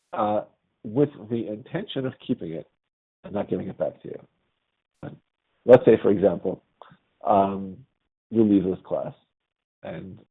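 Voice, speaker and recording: Gravelly husky man teaching a class. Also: sits low. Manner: quizzes the class with frequent "right?". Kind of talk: conversational classroom lecture. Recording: tinny phone-like audio.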